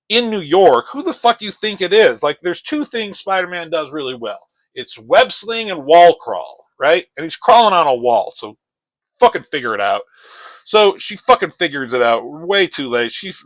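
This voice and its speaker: A man's voice: fairly high pitch, a bit bright, no echo, rough recording. A man giving a casual comic book review, rambling and swearing as he retells the story. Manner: profane, rambling, retells scenes in voices.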